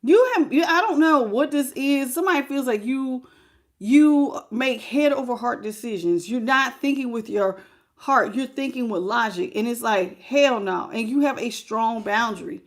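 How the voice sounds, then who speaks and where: A woman, giving a lively, sassy live tarot reading straight to the viewer. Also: on the high side, normal speed. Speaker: tarot reader.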